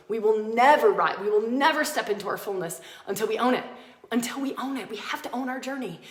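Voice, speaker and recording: A woman's voice: medium pitch, lively intonation, fairly quick, roomy sound. A woman hosting a podcast, giving a passionate, emphatic spiritual teaching talk and repeating phrases for emphasis. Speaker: podcast host.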